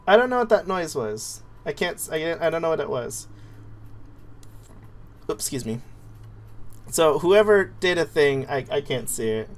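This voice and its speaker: A man's voice: a little high, big pitch swings, normal speed, pauses often. A man streaming a horror game, chatting casually with viewers, yelping at scares and cursing. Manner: jumpy, yelps and laughs, swears, chats with viewers. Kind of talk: casual live-stream commentary.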